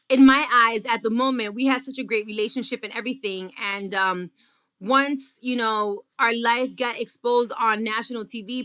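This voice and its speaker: Bright-voiced bilingual woman host. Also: on the high side. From Miami. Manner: animated, effusive, slips into Spanish. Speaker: podcast host. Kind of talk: casual podcast chat.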